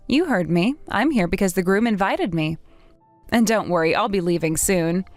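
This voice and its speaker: A woman's voice: medium pitch, no echo, lightly acted. A synthetic woman voicing bickering young female rivals. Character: two bickering young women, rivals from school. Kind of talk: text-message story read by synthetic voice.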